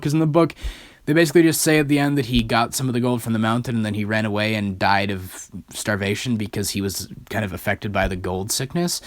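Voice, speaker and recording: A man's voice: on the low side, dry recording. A young man reviewing a film in a casual, enthusiastic way, rambling with many fillers and restarts.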